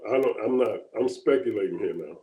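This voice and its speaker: A man co-hosting a casual political chat. He thinks aloud in a halting way, with many pauses and restarts. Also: lowish voice, expressive, dark tone, echoey room, low-quality recording. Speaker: co-host.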